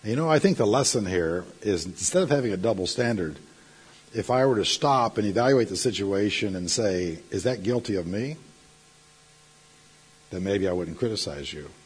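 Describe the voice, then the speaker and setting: A middle-aged male pastor delivering a sermon, telling stories and breaking into sudden loud outbursts. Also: fairly low pitch, animated, normal speed, breathy edge.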